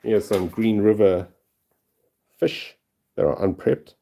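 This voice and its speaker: Slow and gravelly yet mellow, a fairly low, steady voice carries a South African accent over a little hiss or hum. The man, a fossil collector and channel host, packs fossils while casually chatting on a livestream, laughing often and easily delighted.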